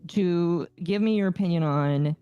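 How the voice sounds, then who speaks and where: A woman's voice: on the low side, measured pace, smooth, no room sound, dull audio, soft background music. A woman guest on a podcast, laid-back and a little hesitant as she brings up a new question. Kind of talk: casual chat.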